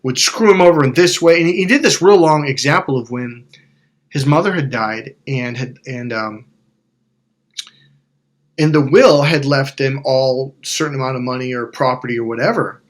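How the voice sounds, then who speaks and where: A man's voice: medium pitch, normal speed. A man, a life coach and hypnotherapist, telling a story in a frank, rambling way, swearing and then apologizing for it. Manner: rambling, self-correcting. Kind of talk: storytelling monologue.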